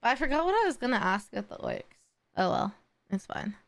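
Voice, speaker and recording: A woman streamer talks casually on her live stream, excitable and quick to swear. Her voice is smooth, clear and sits fairly high. The sound is dry and close to the mic. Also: dry recording. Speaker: streamer reacting to a video.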